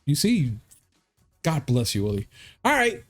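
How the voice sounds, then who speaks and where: A man's voice: fairly high pitch, wildly swooping pitch, measured pace, a bit bright, faint music behind. A man from hosting a casual geek news podcast, upbeat and hyped, swearing freely. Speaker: podcast host. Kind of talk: casual chat.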